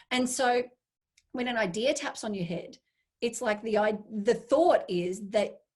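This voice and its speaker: Animated woman telling stories. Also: mid-range voice, breathy edge. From Australia. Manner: animated storyteller, acts out inner voices. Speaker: interview guest, make-up artist. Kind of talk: casual interview chat.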